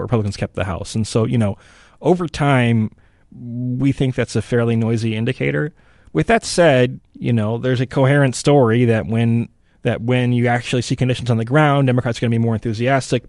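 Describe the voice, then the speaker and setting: A man's voice: medium pitch, darkish tone, no room sound, clean studio sound. A man analysing election forecasts in a casual podcast chat, thinking aloud and hedging with frequent "you know" and "right?".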